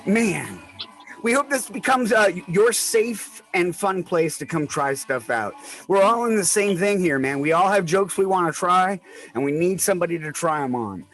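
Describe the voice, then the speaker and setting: A man's voice: high-pitched, expressive, moderate pace, fairly bright tone. A man hosting a comedy open mic over a video call, loose and chatty.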